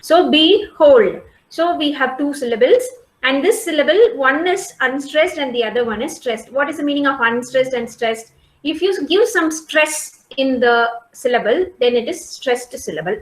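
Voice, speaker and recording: A woman's voice: high-pitched, lively intonation, moderate pace. A woman teaching a class, talking patiently with many fillers and checking whether students follow. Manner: patient, repeats and checks understanding. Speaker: lecturer. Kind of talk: classroom lecture. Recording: echoey room.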